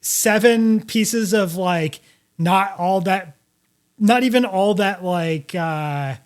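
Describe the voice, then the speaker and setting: A man with a noticeably high voice co-hosts a casual stream. He gropes for words, restarts his sentences and fills gaps with "like.". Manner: hesitant, filler-heavy, lots of "like". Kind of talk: casual chat.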